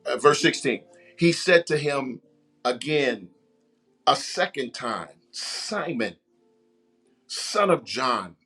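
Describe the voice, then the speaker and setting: Slow-preaching man over soft music. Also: medium pitch, lively intonation, slightly rough. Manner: preaching with repetition and call-outs to the congregation. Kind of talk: sermon. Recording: faint music behind.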